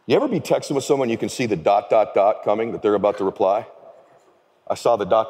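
A man's voice: lowish voice, fast talker, darkish tone, breathy edge. A man giving a motivational keynote speech on a large event stage, telling stories with energy and emphasis. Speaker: keynote speaker. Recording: echoing large hall.

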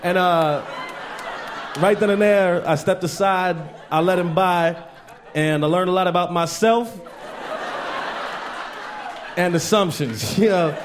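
A man performing a stand-up comedy set on stage, telling stories and mimicking people in animated voices. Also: high voice, unhurried, long pauses, a crowd in the background, noisy background.

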